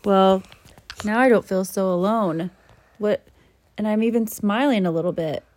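A woman playing a lonely, aloof female dragon in a made-up story, speaking in a plain, slow, matter-of-fact way. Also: mid-range voice, a little mellow, slight background noise, natural voice. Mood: warming. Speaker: parent joining a child's made-up story. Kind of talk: improvised bedtime-story role-play.

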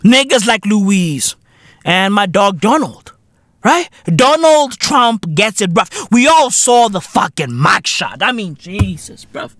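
A man with hosting a comedy podcast, giving a profane monologue full of "bruv" and "innit" and shouting some bits. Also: high-pitched, big pitch swings, takes it slowly, no room sound, clean studio sound. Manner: profane slangy banter, frequent "bruv" and "innit".

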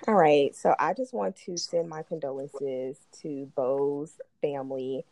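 A woman, co-hosting a podcast and telling a story in casual chat, animated and profane, acting out what people said. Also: low voice, measured pace, vocal fry, dry recording. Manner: animated, profane, acts out quotes. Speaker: podcast co-host.

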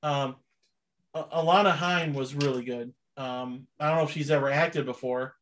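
A man's voice: mid-range voice, steady tone, moderate pace, a little hiss or hum. A young adult man co-hosting a podcast in casual chat, rambling easily and laughing often. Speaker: podcast co-host.

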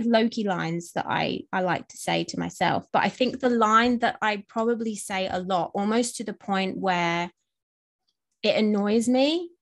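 A woman with an English accent co-hosting a podcast, chatting casually and rambling with many fillers and restarts. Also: medium pitch. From England. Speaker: podcast co-host. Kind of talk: casual chat.

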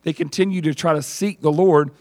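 A man preaching a sermon and telling stories in an animated way, acting out the characters. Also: fairly high pitch, fairly quick. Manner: animated storytelling, acts out characters. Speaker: pastor.

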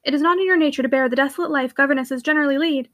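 Outspoken young heiress, emphatic and decided, high and quick, read by a woman. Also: no room sound, clean studio sound, close to an everyday voice. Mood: firm.

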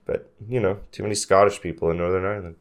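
A man's voice: low voice, fast. A man co-hosting a podcast in casual chat, joking and swearing freely. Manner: animated, jokey, swears freely. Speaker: podcast co-host.

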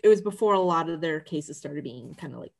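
A woman's voice: sits low, brisk, gravelly. A woman from northern Connecticut with a slight Worcester-like Massachusetts accent, telling stories casually with many fillers as a podcast co-host. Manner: relaxed storytelling, many "like"s. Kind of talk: casual chat.

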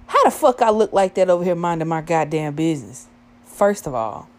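A young adult woman telling a profane, animated story about a night out, acting out the dialogue as she goes. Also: low-pitched, a little fast. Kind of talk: casual storytime monologue.

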